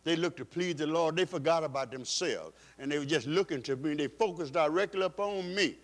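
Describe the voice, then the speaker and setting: Man, pastor, sermon, somewhat high voice, emphatic, repeats phrases. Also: fairly quick.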